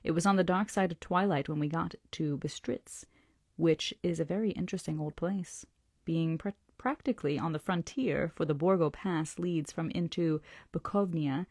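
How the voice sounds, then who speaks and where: A woman hosting a book club, reading a novel aloud slowly and deliberately, often dropping into whispers. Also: deep voice, darkish tone, no echo, clean studio sound. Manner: slow, deliberate, dips into whispers.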